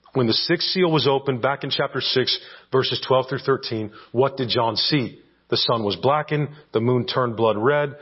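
A man's voice: mid-range voice, husky, lo-fi sound. A man preaching an expository sermon as pastor, teaching verse by verse and checking in with his listeners with rhetorical questions.

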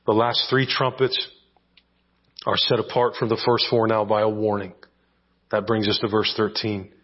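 A man's voice: lowish voice, flat delivery, normal speed, highs cut off. A man preaching an expository sermon as pastor, teaching verse by verse and checking in with his listeners with rhetorical questions.

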